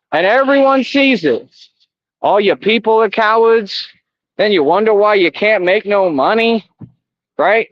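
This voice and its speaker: A middle-aged man with a fairly high voice rants at his live stream chat, taunting and confrontational, circling back to the same jabs again and again. The sound is dull and lo-fi, with a dry, close feel. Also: dry recording. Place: outdoors.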